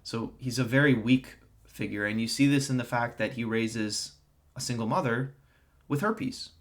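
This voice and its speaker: A young man delivers an opinion monologue to his audience at a middle pitch. His manner is ranting and contemptuous, with a steady sarcastic bite. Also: moderate pace. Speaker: online commentator.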